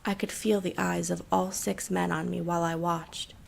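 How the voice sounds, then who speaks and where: A woman narrating a scripted horror story in a steady, measured way. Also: lowish voice, vocal fry.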